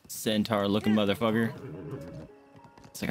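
A young man streaming a game, chatting casually with viewers, excitable, swearing, jumping from hushed asides to loud outbursts. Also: lowish voice, fairly quick, long pauses, soft background music. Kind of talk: casual gameplay commentary.

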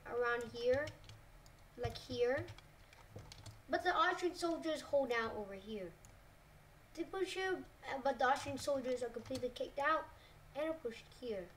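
High-voiced hesitant woman narrating a map. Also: a bit bright, recorded from a distance, slight background noise. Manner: hesitant, full of "like" and self-corrections. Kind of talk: casual narration over a map.

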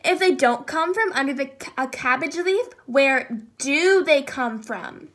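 A woman's voice: high voice, animated, unhurried, a bit bright. A woman voicing a stubborn, squealing alligator in a children's story.

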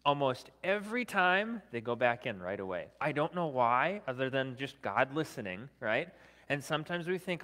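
A man's voice: medium pitch, sing-song, normal speed, a bit bright, big-room sound. A man preaching a sermon as a guest speaker, talking conversationally, often adding "right?", with self-deprecating humor. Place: church sanctuary.

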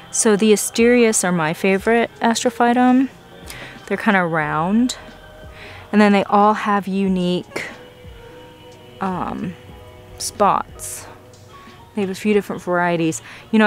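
A young woman filming a casual plant-shopping vlog in a nursery, gushing excitedly over the plants she finds. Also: medium pitch. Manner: excited, gushing, frequent gasps. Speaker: plant vlogger.

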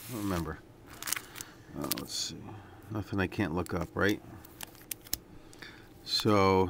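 Low-voiced guy rambling slowly about his cards, lots of ums and uhs. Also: vocal fry, a little hiss or hum. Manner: relaxed, rambling, lots of fillers. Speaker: card collector vlogger. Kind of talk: casual unboxing commentary.

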